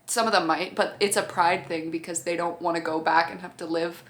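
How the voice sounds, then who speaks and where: A woman's voice: on the low side, fairly even intonation, brisk, a bit bright. A woman talking casually to her camera about a TV show, swearing freely and acting out what the characters said. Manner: profane, chatty, acts out characters' lines. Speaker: TV show reviewer.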